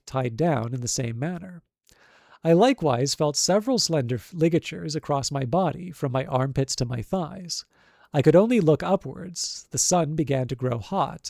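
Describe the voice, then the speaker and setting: A man reads a classic novel aloud on a live stream, with a gravelly edge of fry in his voice. He reads unrehearsed and backs up to fix his slips. The sound is dry and close, with no room echo. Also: medium pitch, a little mellow. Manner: unrehearsed reading with stumbles and self-corrections. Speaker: streamer reading a book aloud.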